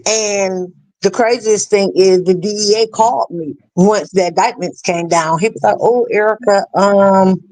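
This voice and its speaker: A middle-aged woman telling a personal story as an interview guest, halting and earnest, full of fillers and restarts. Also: medium pitch, fairly even intonation, darkish tone, no room sound, low-quality recording. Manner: earnest, plain-spoken. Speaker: interview guest, bereaved mother. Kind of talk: emotional personal storytelling in a live chat.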